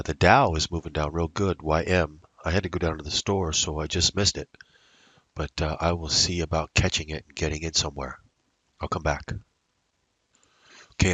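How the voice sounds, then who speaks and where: A man's voice: very deep voice, fairly bright tone, slightly rough, dry recording. A man day trader giving rambling live commentary on his trades, talking to himself and drifting into musings. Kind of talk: live trading commentary over a screen recording.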